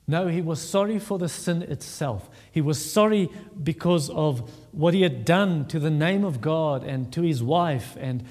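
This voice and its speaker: A pastor preaching a sermon, earnest and emphatic, repeating words for stress. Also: male voice, fairly high pitch, a little mellow. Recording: long reverb of a large hall.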